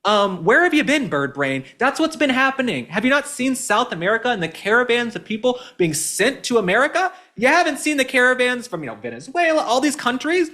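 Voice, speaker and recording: A man from Texas hosting a political commentary show, talking in an animated, mocking and indignant way. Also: extremely high pitch, fairly quick, hardly any pauses. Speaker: host.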